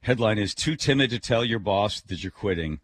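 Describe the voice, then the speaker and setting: A middle-aged man co-hosting a radio talk show, telling stories with lively, animated delivery. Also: normal speed, no echo. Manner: animated storyteller, voices climbing high in acted quotes. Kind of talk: casual radio banter.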